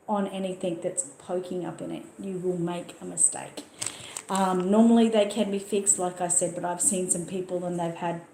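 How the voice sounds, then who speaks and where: A woman's voice: mid-range voice, darkish tone, echoey room, slight background noise, low-quality recording. An Australian woman hosting a casual Q&A, chatty and emphatic, often repeating words for stress. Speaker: channel host answering viewer questions. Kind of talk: casual livestream Q&A chat.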